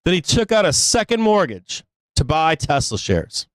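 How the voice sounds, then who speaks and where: Male live-stream market host, profane and pleading, raised pitch, dead-dry sound. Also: sing-song, normal speed, smooth, no room sound. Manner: exasperated, profane, pleading with viewers, laughs often. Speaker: stock trading show host. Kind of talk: live trading show rant.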